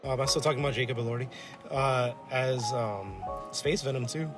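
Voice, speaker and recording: Man, podcast co-host, casual chat, rambling, swears a lot, mid pitch, faint music behind. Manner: rambling, swears often, acts out characters in quick asides. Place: collectibles shop.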